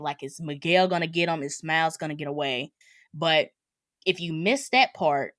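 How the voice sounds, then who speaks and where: A woman's voice: fairly low pitch, fairly bright tone, dry recording, studio quality. A woman co-hosting a podcast, casually and animatedly talking through movie details. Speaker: podcast co-host. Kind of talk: casual chat.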